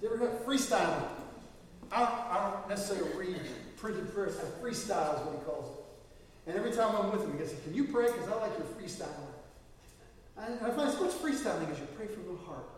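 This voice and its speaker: High-voiced male preacher in an echoey hall. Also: animated, quick pace, a little hiss or hum. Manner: conversational, storytelling preacher. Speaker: pastor. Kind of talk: sermon. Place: church sanctuary. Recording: echoey church hall, mic at a distance.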